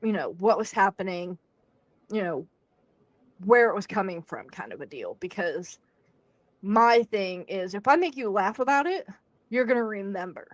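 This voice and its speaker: A woman's voice: mid-range voice, normal speed, long pauses, dry recording. A young adult woman hosting a podcast, telling a story in casual chat, acting out quotes and laughing along. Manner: animated, acts out quotes with laughs.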